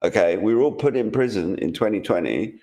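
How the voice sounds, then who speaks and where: A man's voice: lowish voice, lively intonation, brisk, mellow. A man co-hosting a casual podcast, making dry, sardonic remarks and reading news posts aloud. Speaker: podcast co-host.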